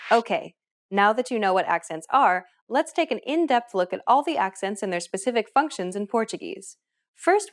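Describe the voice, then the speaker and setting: Woman narrating a language lesson. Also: medium pitch. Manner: clear, even teaching delivery. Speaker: language course host.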